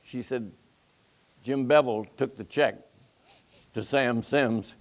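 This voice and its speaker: A man's voice: medium pitch, takes it slowly. An older man from Nashville on a forum panel, telling a story and acting out the quoted dialogue with energy.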